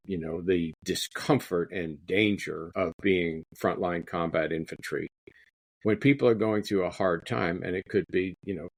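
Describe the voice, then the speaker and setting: Low-voiced man, author guest, rambling, self-repeating, dry close sound. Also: no echo. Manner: rambling, repeats his words. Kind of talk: interview conversation.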